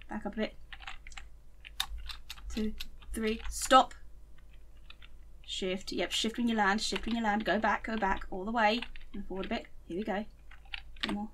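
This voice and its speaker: A woman's voice: medium pitch, level tone, measured pace, pauses often, a bit bright, slight background noise. A young woman giving chatty, giggly gaming commentary, rambling and talking to herself as she plays. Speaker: gaming channel host.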